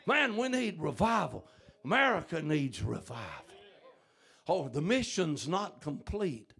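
A man preaches a revival sermon from the pulpit, high-pitched and gravelly. He drives each point home with fiery emphasis and breaks into shouts. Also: very animated, unhurried. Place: church service.

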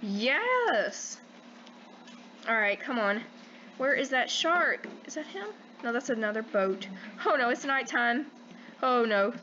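Young woman, high unhurried voice, excitable gaming commentary, slightly dull home recording. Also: slight background noise. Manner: excitable, squealing when panicked, many "like" fillers. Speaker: gaming channel host. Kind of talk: casual gameplay commentary.

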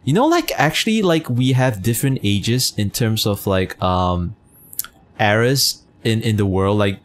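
This man's fairly low voice swings widely in pitch and runs a little slow as he streams a game. His casual commentary includes reading chat, teasing, lots of fillers, and swearing.

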